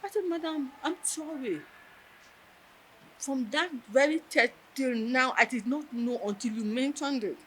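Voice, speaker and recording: A woman's voice: high-pitched, unhurried, slight background noise, poor audio. A woman telling a personal story in an interview, earnest and emotional, close to tears. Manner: earnest, emotional, tells with quoted dialogue.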